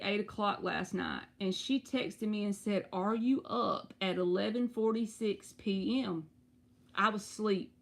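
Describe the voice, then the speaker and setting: A woman, giving tarot readings on a live stream and chatting to her viewers in an animated, storytelling way. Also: mid-range voice, gravelly. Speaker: tarot reader.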